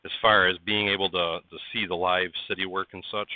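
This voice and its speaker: Deep-voiced and level in tone, a man speaks a little fast while hosting a casual livestream indoors in his workshop barn. He's chatty, greets viewers by name, and coaxes parts as he works, all captured in a dry, tinny, phone-like recording.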